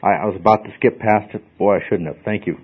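A man's voice: fairly low pitch, quick pace, breathy edge. A man teaching a classroom lecture, explaining step by step and often asking "okay?" to check in with his students. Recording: slightly dull lo-fi recording.

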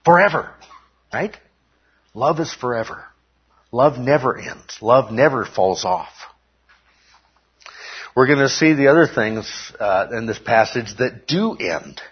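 A man's voice: mid-range voice, lively intonation, measured pace, breathy edge. A man preaching a sermon to his congregation, teaching step by step and often checking in with "okay?". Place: church service. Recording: dull lo-fi recording.

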